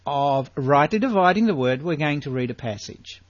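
Animated older Australian preacher. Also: male voice, on the high side, dry recording, highs cut off. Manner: animated, rhetorical questions, drawn-out emphasis. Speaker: Bible teacher. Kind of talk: sermon.

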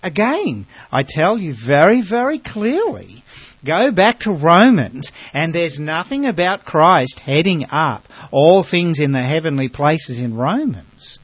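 A man's voice: fairly high pitch, sing-song, unhurried, breathy edge, no room sound, lo-fi sound. Emphatic man teaching a Bible lesson. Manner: earnest, emphatic, asks rhetorical questions.

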